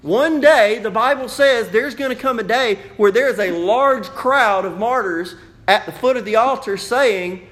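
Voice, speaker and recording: A male pastor delivering a sermon in a church, with a notably high-pitched voice. He talks straight to the congregation, lively and playful, jumping up into raised voices to act out questions. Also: a little slow. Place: church sanctuary.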